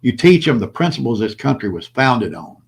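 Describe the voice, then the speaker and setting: Gravelly older man preaching bluntly. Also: mid-range voice, sing-song, normal speed. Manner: blunt, preachy, repeats himself. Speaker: prepper channel host. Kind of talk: impassioned solo vlog monologue.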